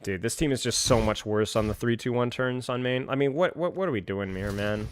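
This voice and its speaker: A man's voice: mid-range voice, brisk, background noise. A man casually reviewing an esports match, rambling and exasperated, repeating phrases over and over. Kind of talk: casual game review commentary.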